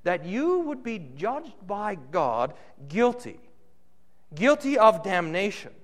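Slow, dramatic high-voiced male preacher. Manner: slow, dramatic preaching with wide swings in pitch and loudness. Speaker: pastor. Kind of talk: sermon.

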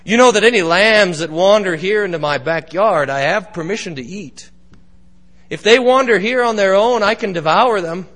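A man's voice: high voice, normal speed, fairly bright tone, pitched above the performer's own voice. A man putting on a gloating hungry wolf. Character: hungry sly male wolf.

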